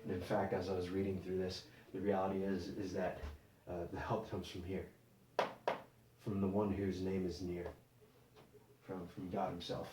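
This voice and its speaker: A man preaching a sermon, halting and repeating words as he explains scripture. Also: deep voice, level tone, noisy background. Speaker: pastor. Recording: echoey room, mic at a distance.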